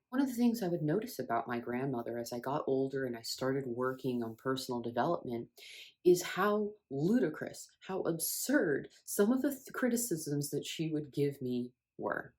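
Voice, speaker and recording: A low-pitched woman talking through inner healing in an earnest, reflective monologue. Her tone jumps upward sharply when she stresses a point, then settles back down. She sounds sincere and personal. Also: normal speed. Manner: earnest and expressive, with sudden rises in emphasis. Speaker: spiritual wellness creator. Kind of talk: reflective self-help monologue.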